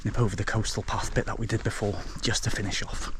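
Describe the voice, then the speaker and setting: A man's voice: on the low side, flat delivery, quick pace. A man talking casually to his viewers while walking outdoors, with a chatty manner and a habit of calling them folks. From Wales. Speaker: travel vlogger. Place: outdoors on coastal paths and village lanes. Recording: outdoor camera audio with clear background noise.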